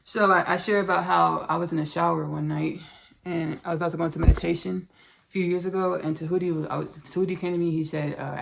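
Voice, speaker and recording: A woman's voice: fairly low pitch, fairly even intonation, fast, creaky, slight background noise. A woman hosting a podcast in casual spiritual talk, effusive and rambling, repeating herself and calling listeners "baby" and "y'all". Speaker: podcast host.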